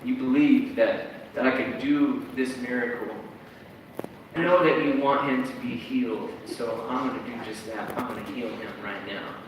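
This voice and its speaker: A man voicing a calm, kindly grown man who speaks softly, in an echoey hall heard from afar. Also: on the high side, fast talker, hardly any pauses, far from the mic, noisy background, pitched below the performer's own voice, lightly acted. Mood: gentle. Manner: soft, hushed, easygoing.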